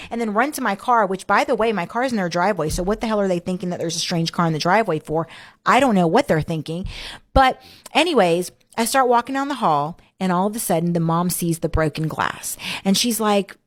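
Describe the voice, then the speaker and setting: A woman guest in a casual interview, telling her story in an animated way, acting out what others said and often saying "like". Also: mid-range voice. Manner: animated, acts out quoted speech; frequent filler "like".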